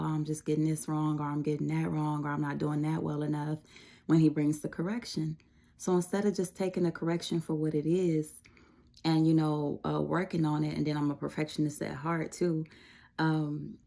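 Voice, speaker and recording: A woman sharing a casual devotional message, conversational and reassuring, with frequent fillers and soft laughs. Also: deep voice, gravelly. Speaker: Christian devotional speaker.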